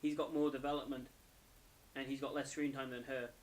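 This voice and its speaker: A young man talks through an anime episode in a loose, rambling way, often correcting himself mid-sentence. He sounds tired and keeps yawning. His voice sits at a plain middle pitch. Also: level tone, a little fast, a little hiss or hum. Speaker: anime reviewer. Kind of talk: casual episode review.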